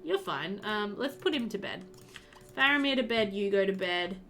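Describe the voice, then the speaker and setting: A woman's voice: mid-range voice, animated, moderate pace, fairly bright tone, faint music behind. A woman chatting casually with her live-stream viewers while playing, full of ums and likes. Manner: chatty, filler-heavy, answers chat while playing. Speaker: game streamer.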